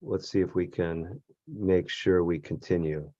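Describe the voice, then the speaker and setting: A middle-aged male doctor leads an online health workshop, talking in a low, easygoing way and often pausing on "uh". His voice comes through dull and lo-fi, recorded close and dry with no room sound. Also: no echo. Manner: relaxed, loose delivery with frequent "uh" fillers. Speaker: physician and program host.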